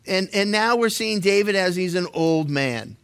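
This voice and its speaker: A man's voice: sits high, lively intonation, moderate pace, a bit bright, clean tone. A middle-aged male pastor teaching through a Bible book verse by verse, in a joking, conversational way with many stammered restarts.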